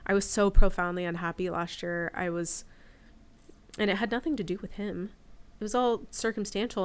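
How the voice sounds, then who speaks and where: A woman in her forties, a podcast guest, telling personal stories in a candid, reflective casual chat. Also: lowish voice.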